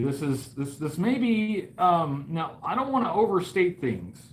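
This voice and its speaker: A man's voice: sits high, very animated, a little slow, poor audio. A man with a slightly raised voice chats casually on a live stream while sketching, spinning mock-grand boasts about his own work. His talk rambles, full of uhs and restarts, with faint noise running under the recording. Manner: jokey mock-grandiose bragging, rambling with many fillers. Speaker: toy review channel host.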